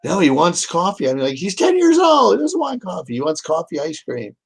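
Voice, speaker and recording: A man's voice: high voice, wildly swooping pitch, brisk, husky, rough recording. Co-host, man, casual and joking, storytelling banter. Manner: easygoing, jokes and tells anecdotes. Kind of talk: casual fan chat.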